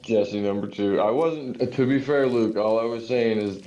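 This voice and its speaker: A man's voice: fairly low pitch, moderate pace, mellow, lo-fi sound. A man speaking bluntly and pushily in a heated casual chat, swearing often.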